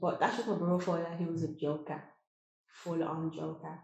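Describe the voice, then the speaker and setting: A woman telling a personal story on a podcast, animated and often laughing. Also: sits low, moderate pace, gravelly, highs cut off. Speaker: podcast guest. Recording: very echoey room.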